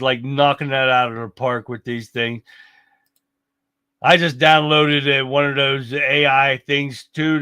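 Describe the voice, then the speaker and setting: With a medium-pitched, sharp, clean voice captured in a dry recording, the man hosts a livestream. He chats folksily and exclaims as he reacts to clips and speaks to viewers.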